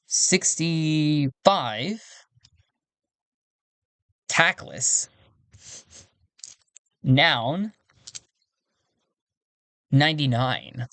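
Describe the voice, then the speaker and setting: A man thinking aloud as he plays a solo tabletop game, chatty and quick to laugh. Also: mid-range voice, a bit bright, no echo.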